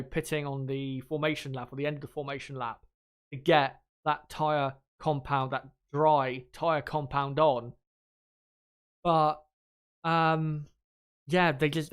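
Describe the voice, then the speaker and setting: A young Englishman rambles through a live reaction stream in a smooth, clear voice that sits a touch high. He talks frankly and loosely, dropping the odd swear word and laughing easily as he goes. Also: fairly bright tone. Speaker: channel host. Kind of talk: casual live commentary.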